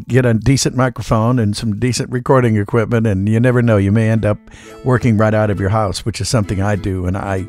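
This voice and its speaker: With a fairly low voice, a man in his sixties who works as a voice actor chats easily as an interview guest. His folksy anecdotes occasionally include an acted-out character voice.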